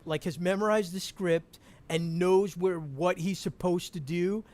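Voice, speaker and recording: A man chatting as a podcast guest over a call, animated, laughing often and restarting his sentences. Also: high voice, measured pace. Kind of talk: casual podcast chat.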